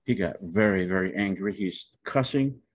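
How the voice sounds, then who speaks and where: A man's voice: sits low, normal speed. Older man telling folksy stories. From Pawnee, Oklahoma. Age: 70s. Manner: folksy, meandering with self-corrections. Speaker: retiree telling his life story. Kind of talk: personal storytelling. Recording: dull lo-fi recording.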